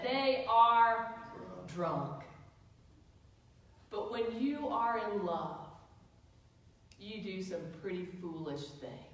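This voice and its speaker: A woman pastor preaching a sermon, telling stories and asking the congregation questions. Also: medium pitch. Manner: storytelling, asks the congregation questions. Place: church sanctuary. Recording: echoey church hall from far off.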